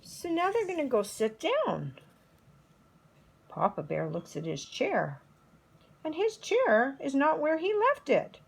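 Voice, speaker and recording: A middle-aged woman, a preschool teacher, slowly telling a story to toddlers. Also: high voice, gravelly. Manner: slow, expressive storytelling.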